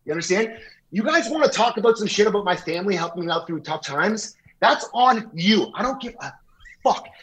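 Ranting, profane high-voiced man. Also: expressive, fairly quick, fairly bright tone, poor audio. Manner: rambling, profane, confrontational, acts out quotes. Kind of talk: heated comedic rant. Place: indoor room with wallpaper and a lit mirror.

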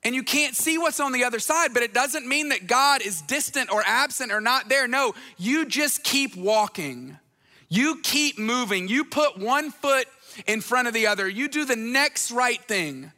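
Male pastor, conversational sermon delivery, high and bright, reverberant large hall. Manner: conversational, acts out voices in retellings.

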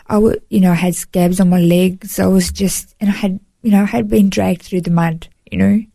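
An Australian woman shares an emotional first-person testimony as a guest, sincere throughout and often saying "you know." She speaks at normal speed in a medium-pitched, gravelly, dark voice with a steady tone and no echo.

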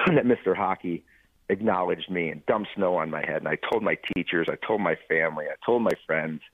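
A man's voice: deep voice, brisk, husky, no room sound. A man in his fifties earnestly telling a personal anecdote, building it up in lists. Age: 50s. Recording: dry, tinny phone-like line.

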